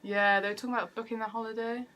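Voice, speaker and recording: A mild-mannered young woman with a South Welsh accent talks politely and plainly, voiced by a woman a little above her normal pitch. Her delivery is even and unfussy. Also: very fast.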